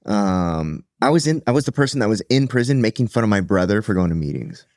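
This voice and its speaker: A man hosting a podcast, sharing his own story in a relaxed, reflective way. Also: fairly low pitch, fast, no echo, studio quality. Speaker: podcast host. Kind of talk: casual conversational interview.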